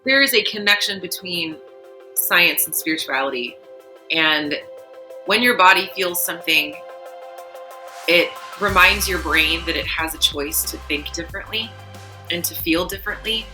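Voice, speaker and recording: Bright-voiced woman, earnest spiritual talk. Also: lowish voice, moderate pace, soft background music, low-quality recording. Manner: earnest, storytelling with vivid imagery. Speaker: podcast co-host. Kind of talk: casual spiritual chat.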